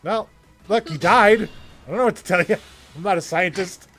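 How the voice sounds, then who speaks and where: A man's voice: high voice, normal speed, fairly bright tone. A man playing a strategy game with friends in casual let's-play chat, laughing often, swearing freely and muttering his moves aloud. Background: game music.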